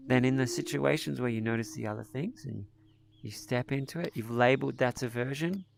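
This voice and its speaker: A man leading a live group mindfulness session, coaching participants in a gentle, encouraging way over an online call. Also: mid-range voice, brisk, creaky. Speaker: meditation teacher leading a group.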